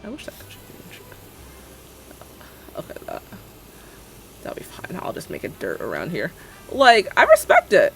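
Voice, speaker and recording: A woman's voice: on the low side, wildly swooping pitch, unhurried, creaky, pauses often, husky, faint music behind. A woman streamer chatting casually while building in a game, rambling, joking and laughing often.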